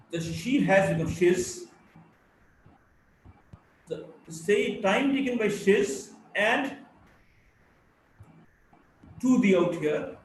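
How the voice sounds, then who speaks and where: A man's voice: sits high, darkish tone, distant mic. Man, teacher, live lecture, demonstrates stress aloud, very echoey room, faint background noise. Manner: slow, deliberate, models sentence stress aloud. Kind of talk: live online class lecture.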